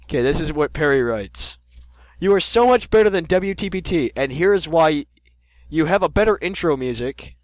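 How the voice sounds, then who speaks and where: A man's voice: fairly high pitch, animated, normal speed, no echo. A teenage man from Canada, co-hosting a podcast in casual chat, joking and restarting his sentences as he reads listener mail. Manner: joking, rambling with repeated restarts. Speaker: podcast co-host.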